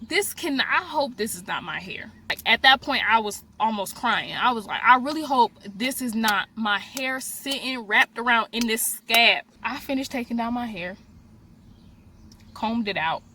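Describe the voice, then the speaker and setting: Bright animated young woman telling a story. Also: on the high side, a little slow. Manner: animated storyteller, talks straight to viewers as "y'all". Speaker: beauty vlogger. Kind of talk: storytime vlog, casual chat.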